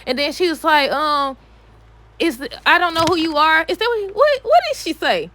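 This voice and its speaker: A woman giving a casual, animated recap of a soap opera, talking back to the characters with exasperated asides. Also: extremely high pitch, moderate pace, no room sound.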